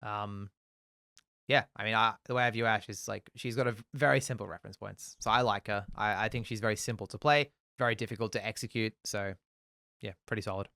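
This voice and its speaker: A man co-hosting a casual gaming podcast at a fast clip. His voice is bright and forward, and he keeps the talk animated, dropping quick agreements between points. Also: fairly low pitch, gravelly. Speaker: podcast co-host.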